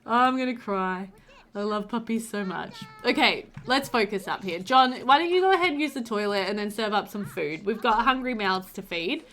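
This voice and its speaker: A woman's voice: medium pitch, lively intonation, moderate pace, a bit bright. A young woman casually commenting on her life-sim gameplay, chatty and doting, cooing over the pets with frequent laughter. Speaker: let's play host.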